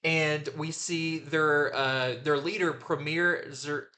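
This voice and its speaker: A man's voice: fairly high pitch, fairly even intonation, takes it slowly, bright, forceful tone. A man hosting a comic book review show, chatting casually and enthusiastically with lots of fillers.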